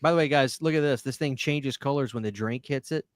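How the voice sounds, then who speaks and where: A chatty man hosting a live stream, reading out viewer comments and laughing easily. His voice is smooth and resonant. The recording is dry and close. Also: mid-range voice, brisk, no room sound. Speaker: podcast host. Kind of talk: casual live-stream chat.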